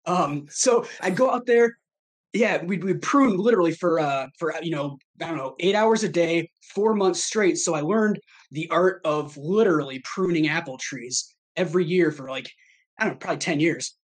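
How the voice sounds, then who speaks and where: Man in his thirties, husky voice, fairly high pitch, rambling, self-deprecating, podcast guest. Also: moderate pace. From Michigan. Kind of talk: casual chat.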